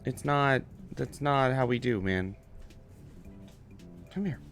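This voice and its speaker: A man's voice: medium pitch, slow pace, a bit bright, soft background music. A man chatting casually with viewers on a livestream from home. He is laid-back, chuckles often and calls people "man". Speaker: streamer. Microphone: desk microphone.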